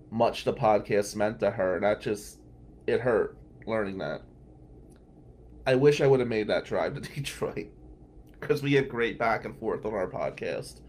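Low-pitched and somewhat dark, his voice carries a faint hiss or hum. He's a podcast host and criminal defense lawyer from Atlantic City, New Jersey, spinning loose, easygoing stories and chuckling as he goes.

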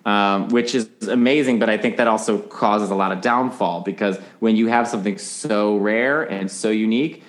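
A man's voice: fairly low pitch, moderate pace, few pauses. A man as a podcast guest in casual chat, animatedly explaining singing technique and breaking into sung examples.

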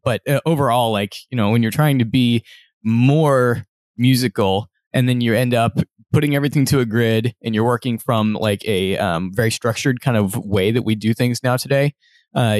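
A man's voice: medium pitch, no echo. A man who teaches music, asking curious questions and thinking aloud in a casual group discussion. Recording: dry, close sound.

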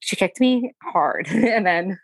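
Young woman telling a painful story haltingly. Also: mid-range voice, expressive, gravelly, no room sound. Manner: halting, emotional, often quoting herself; frequent fillers and restarts. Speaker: guest sharing a personal story. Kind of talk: candid conversational storytelling.

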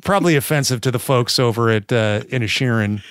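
A man's voice: medium pitch, a little fast, clean tone, no room sound. An American man co-hosting a podcast, rambling in casual chat, swearing freely and slipping into playful mock accents. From United States. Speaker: podcast co-host.

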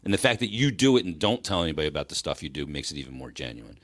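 A man's voice: extremely low pitch, big pitch swings, very fast, fairly bright tone. A man co-hosting a sports podcast, blunt and profane, giving strong opinions in casual chat. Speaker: podcast co-host, former media member.

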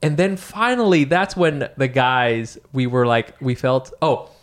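Relaxed, playful man in casual chat. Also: mid-range voice, measured pace. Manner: relaxed, playful, many fillers and restarts, swears casually. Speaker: podcast co-host.

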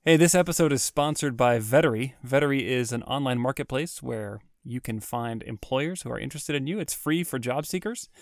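A man with a mid-range voice hosts a casual podcast, bantering easily with his co-host. He reads even the sponsor spots in a chatty way. The recording is dry and close. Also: medium pitch, brisk, few pauses, no room sound. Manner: friendly, bantering, reads ads conversationally. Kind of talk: casual chat.

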